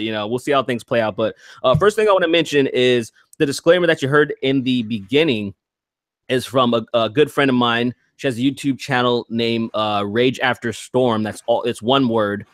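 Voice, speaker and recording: A man's voice: mid-range voice, normal speed, no echo, clean studio sound. Rambling, crude podcast host guy. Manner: rambling, crude, laughs a lot, restarts often. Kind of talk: casual podcast chat.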